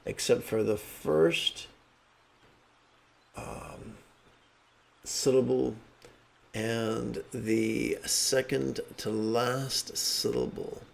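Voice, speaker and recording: A man, a meditation teacher, guiding a meditation with monotone mantra chanting and relaxed, joking asides. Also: mid-range voice, extremely slow, vocal fry, long pauses.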